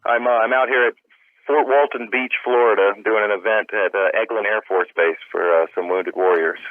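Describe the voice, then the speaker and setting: Deep-voiced man on a tinny phone line. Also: steady tone, normal speed, dry recording. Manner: earnest, heartfelt. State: out of breath. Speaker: comedian guest. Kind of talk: phone interview.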